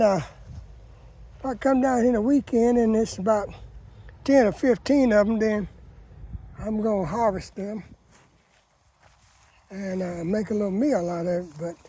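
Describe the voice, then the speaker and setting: A man's voice: high voice, warm tone. A man chatting folksily to viewers as he walks his vegetable garden, often calling them "people.". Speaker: gardening vlogger. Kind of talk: casual garden walkabout vlog.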